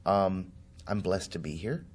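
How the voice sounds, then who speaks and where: A political candidate in an interview recounts a personal anecdote with vivid energy, imitating each person he quotes. His voice sits low and unhurried, with a bit of hiss or hum on the recording.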